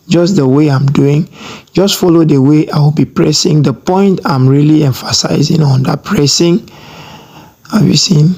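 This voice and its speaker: A sewing tutor giving a slow, step-by-step tutorial, checking in with viewers again and again and stressing each technique. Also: mid-range voice, darkish tone, husky. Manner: slow, repeats "have you seen?" often; instructive, emphatic on technique.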